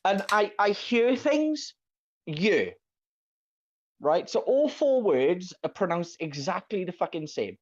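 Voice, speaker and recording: A man in his late thirties from South Wales with a South Welsh accent, chatting casually, animated and self-mocking, swearing freely. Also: high voice, measured pace, hardly any pauses. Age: late 30s. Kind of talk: casual chat. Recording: dull lo-fi stream audio.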